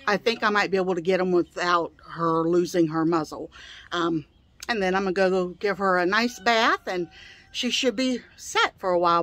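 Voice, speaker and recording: A woman's voice: medium pitch, fairly bright tone, no echo. A woman vlogging in a casual, chatty way while grooming her dog, talking in a folksy, rambling manner. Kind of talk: casual chat to camera.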